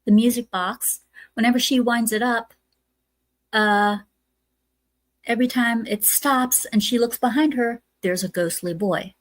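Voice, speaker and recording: A woman's voice: on the high side, unhurried, long pauses, dry recording. A woman hosting a casual movie review podcast, retelling scenes step by step with lots of "uh"s. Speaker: podcast host.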